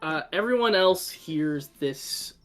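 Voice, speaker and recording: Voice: mid-range voice, animated, slow, faint music behind. Chatty tabletop game master. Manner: chatty, loose, many fillers.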